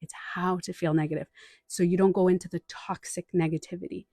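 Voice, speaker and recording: A woman coaching viewers on a live stream from home, animated, acting out the inner voices she quotes. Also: fairly low pitch, fairly quick, no room sound, clean studio sound.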